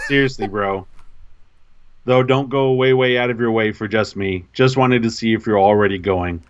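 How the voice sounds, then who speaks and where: A man co-hosting a podcast, telling an embarrassing story in casual, animated, self-mocking chat. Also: on the low side, moderate pace, clean tone, muffled recording. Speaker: podcast co-host.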